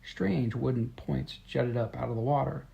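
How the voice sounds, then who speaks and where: A man's voice: medium pitch, normal speed, creaky, warm tone, husky, muffled recording. A man reading a children's story told in letters, in plain, friendly storytelling. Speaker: storybook reader.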